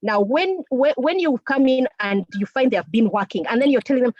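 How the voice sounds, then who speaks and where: A lively woman gives a motivational talk to a room of women, animated and direct. Her voice sits fairly high. The recording is dry and dull, like lo-fi audio. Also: brisk, hardly any pauses, no echo. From Uganda. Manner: lively, animated, laughs often, addresses listeners directly. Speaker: chief technical officer and co-founder speaking to a women's group. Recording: dull lo-fi sound.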